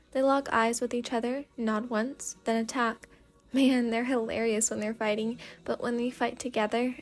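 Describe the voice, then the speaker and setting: Woman, sleepy soft storyteller, slightly high voice, whispered role-play, second-person narration. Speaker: fanfic reader.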